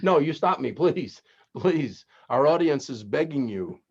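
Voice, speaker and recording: A man's voice: on the high side, lively intonation, unhurried, gravelly, breathy edge. A man hosting a casual chat, telling puns and stories and laughing at his own jokes. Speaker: host. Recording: dull lo-fi sound.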